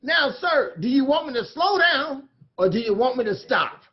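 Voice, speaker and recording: A man's voice: extremely high pitch, lively intonation, moderate pace, lo-fi sound, voice pushed up. A man playing a mock-polite beat cop. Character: stern male police officer mid-beating.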